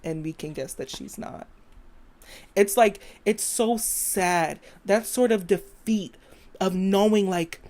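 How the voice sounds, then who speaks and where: A woman's voice: mid-range voice, slow, mellow. A woman hosting her own podcast, talking in a rambling, emphatic stream of thought and stopping to quote song lyrics. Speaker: podcast host. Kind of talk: casual opinion monologue.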